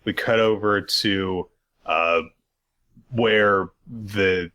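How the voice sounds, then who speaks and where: A man's voice: fairly low pitch, fairly even intonation, drawn-out words, bright, forceful tone, smooth. A man co-hosting a podcast, recapping in loose, rambling casual chat with lots of fillers and joking profanity. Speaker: podcast co-host.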